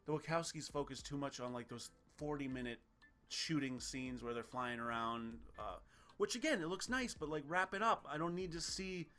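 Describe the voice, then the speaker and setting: Young male co-host, bright voice, casual and animated, salty language. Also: fairly high pitch, moderate pace. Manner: animated, swearing, mimics film characters. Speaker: podcast co-host, film reviewer. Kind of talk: casual chat.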